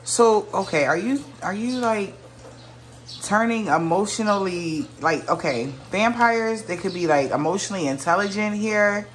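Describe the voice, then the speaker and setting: A tarot reader gives her viewers a casual reading, musing aloud, often exclaiming, and trailing off mid-sentence. Her medium-pitched voice has lively intonation and a slightly slow pace, with slight background noise.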